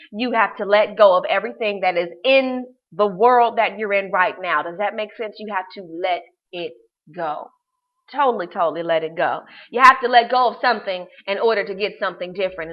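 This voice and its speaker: A woman's voice: medium pitch, a little fast, dull audio. A woman life coach telling a personal story to her class in a casual, emphatic way, repeating words for stress and using slang.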